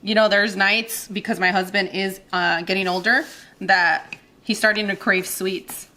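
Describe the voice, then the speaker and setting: Bright-voiced woman in her thirties hosting. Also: medium pitch, fairly even intonation, a little slow. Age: 30s. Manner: chatty and giggly, counts aloud while working. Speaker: cooking channel host. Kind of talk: casual cooking demonstration. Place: home kitchen.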